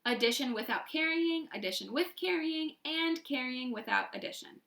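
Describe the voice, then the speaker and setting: Kobieta grająca surową nauczycielkę. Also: female voice, sits high, expressive, normal speed, creaky, sharp tone, roomy sound, full character voice. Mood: firm. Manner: firm, scolding. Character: stern strict woman teacher.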